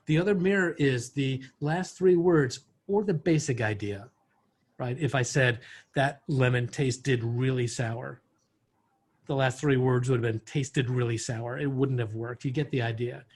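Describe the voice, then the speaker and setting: A man's voice: mid-range voice, a little slow, a little mellow. A man teaching communication skills in an online workshop, explaining with worked examples over a video call. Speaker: workshop instructor.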